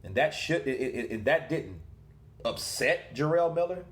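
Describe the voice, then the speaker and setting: A man's voice: medium pitch, measured pace. Dude ranting about boxing on his own, rhetorical questions nonstop, mid voice, echoey room. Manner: animated and rhetorical, asks questions and answers them himself. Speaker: boxing commentator. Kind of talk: casual commentary monologue.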